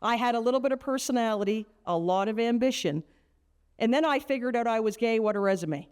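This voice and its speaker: Woman about 50, high voice, cracking jokes in a big pep talk to teen girls. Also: expressive, a little fast, darkish tone, clean tone. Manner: brash, joking, punchy storyteller. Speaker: motivational keynote speaker. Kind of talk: energetic motivational speech to teenage girls.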